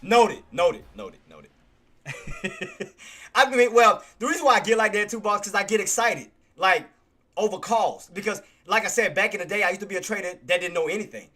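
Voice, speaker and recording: High, bright-voiced excitable male streamer. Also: brisk. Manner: excitable, repetitive, apologetic. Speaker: livestream trading streamer. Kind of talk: live commentary chat.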